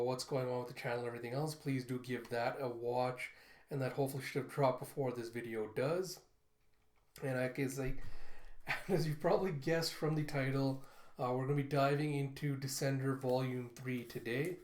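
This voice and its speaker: A man hosting his own channel, reading through a comic book in a relaxed, rambling way with many fillers. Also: mid-range voice. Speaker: channel host. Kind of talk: casual comic readthrough. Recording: echoey room.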